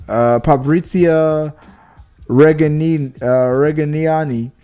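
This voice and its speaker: A man hosting a casual movie podcast, talking in an animated way with many restarts. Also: medium pitch. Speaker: podcast host.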